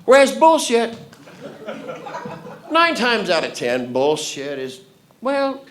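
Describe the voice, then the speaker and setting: Male storyteller, folksy and playful, lively swooping delivery, live theatre. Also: sits high, slow pace. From Fort Worth, Texas. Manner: folksy, playful, leads audience call-and-response. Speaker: storyteller host. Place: theatre stage before a live audience.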